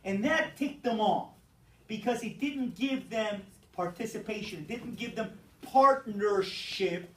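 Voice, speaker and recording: Teacher, classroom lecture, brisk explaining, mid pitch, distant mic, roomy echo. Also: fairly bright tone. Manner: brisk and explanatory, checks in with "okay?". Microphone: distant room mic. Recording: echoey classroom from far off.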